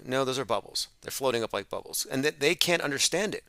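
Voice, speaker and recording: A man's voice: mid-range voice, lively intonation, quick pace, gravelly, sharp tone, no room sound. A man hosting an open-phones radio show, talking in an emphatic, sarcastic monologue.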